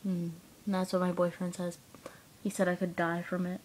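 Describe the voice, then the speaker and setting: A woman's voice: fairly low pitch, monotone, normal speed, darkish tone. Giggly young woman on helium. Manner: giggly, playful. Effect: helium-altered voice. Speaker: vlogger. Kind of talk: casual vlog chat.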